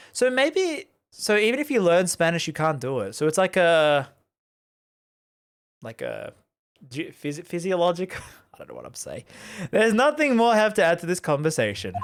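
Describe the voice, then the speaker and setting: A man's voice: fairly high pitch, sing-song, moderate pace, smooth, dry recording. Laughing, rambling male streamer. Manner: rambling, laughing, talks to chat. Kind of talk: live game stream commentary. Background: game music.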